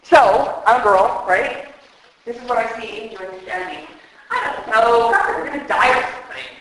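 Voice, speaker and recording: A woman preaching a sermon, animated and joking, acting out little voices as she teaches. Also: a little high, moderate pace. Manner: animated, jokey, acts out voices. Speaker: women's speaker preaching on Genesis. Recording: very echoey hall.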